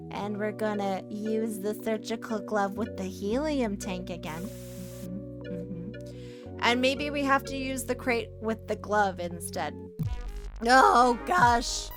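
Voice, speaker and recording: A woman streaming a retro adventure game, chatting casually and playfully with her viewers and breaking into loud bursts of frustration. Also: mid-range voice. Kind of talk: casual live-stream commentary.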